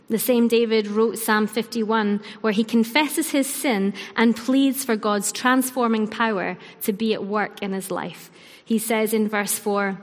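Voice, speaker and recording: A woman delivers a sermon with earnest, measured phrasing at a middle pitch. Her line ends trail off softly, and a long reverb lingers around her words as in a church hall. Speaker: preacher.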